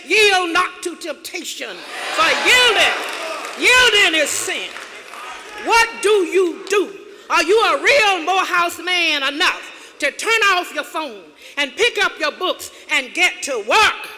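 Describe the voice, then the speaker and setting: A woman's voice: very high-pitched, sharp tone. A woman giving a motivational keynote speech, with dramatic, rhythmic repetition that builds emphasis. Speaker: keynote speaker. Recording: reverberant hall with audience.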